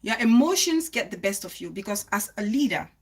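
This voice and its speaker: A woman's voice: medium pitch, expressive, fairly quick, very noisy. A woman hosting a live stream, speaking earnestly to her viewers and repeating phrases for emphasis. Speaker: livestream host.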